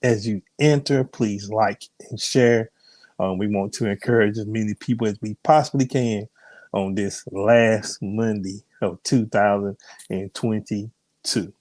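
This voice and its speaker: Unhurried and fairly even in intonation, his lowish, darkish voice carries strain from illness as he hosts a live ministry broadcast. He chats informally and greets viewers by name, later praying and preaching, with no room sound in the recording.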